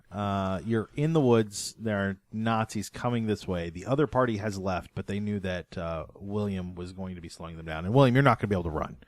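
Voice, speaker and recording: A man's voice: lowish voice, no room sound, clean studio sound. A man running a tabletop game as game master, talking casually and hesitantly, with many fillers and restarts. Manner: halting, full of fillers and restarts.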